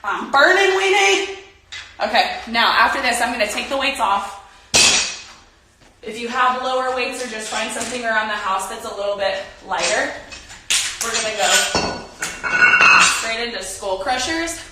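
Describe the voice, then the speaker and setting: Young female workout coach, casual and chatty, a bit out of breath, somewhat high voice, heavy room echo. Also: moderate pace, pauses often, heavy background noise. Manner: chatty, talks while exercising. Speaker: workout instructor. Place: home room. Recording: very echoey room, from a distance.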